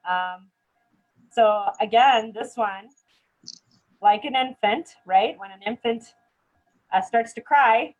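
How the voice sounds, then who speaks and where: A woman's voice: fairly high pitch, takes it slowly, long pauses, low-quality recording. A middle-aged woman teaching dementia care in a live online session, earnest and chatty, checking in with "right?" often. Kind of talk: live-streamed training chat.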